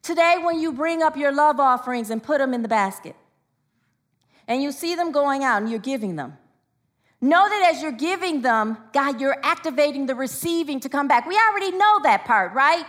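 Female preacher, emphatic call-and-response sermon, bright tone. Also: sits high, expressive, normal speed. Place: church.

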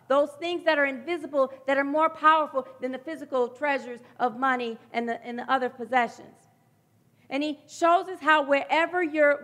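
Earnest high-voiced woman preaching. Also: fairly bright tone. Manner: earnest, emotional, reflective, with restarts. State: near tears. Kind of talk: sermon.

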